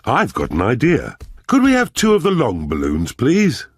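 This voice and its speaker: A man's voice: medium pitch, huge pitch swings, normal speed, soft background music. An actor voicing a jolly, confident father pig in a cartoon, with a hearty, cheerful manner.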